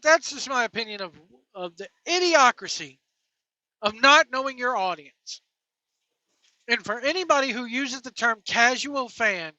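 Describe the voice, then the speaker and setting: Blunt scornful wrestling ranter, bright-toned. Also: medium pitch, dry recording, poor audio. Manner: blunt, scornful, name-calling. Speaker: wrestling commentary host. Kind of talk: opinionated rant.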